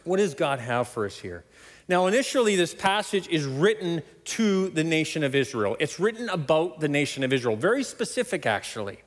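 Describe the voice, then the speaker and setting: A man preaching a sermon, emphatic and animated, often laughing between points. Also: brisk. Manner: animated, emphatic preaching with sudden loud high stresses. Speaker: pastor. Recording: long hall reverb.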